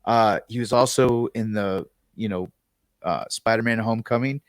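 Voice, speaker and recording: A man co-hosting a podcast in casual chat, relaxed and loose with fillers. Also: lowish voice, moderate pace, dry recording, studio quality. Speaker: podcast co-host.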